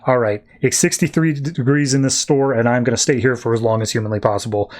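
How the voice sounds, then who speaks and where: A man's voice: mid-range voice, steady tone, fast talker, a little mellow, natural voice. A man voicing a battered, powerless male superhero who talks in a strained, determined way. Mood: weary.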